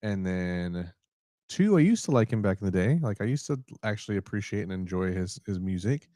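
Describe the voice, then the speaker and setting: Deep-voiced man in casual podcast chat. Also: fairly quick, dry recording, clean studio sound. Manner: relaxed, rambling, self-correcting. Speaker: podcast co-host.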